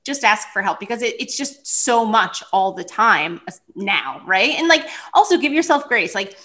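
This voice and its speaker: Bright, reassuring woman guest. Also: medium pitch, big pitch swings, moderate pace. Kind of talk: casual podcast chat.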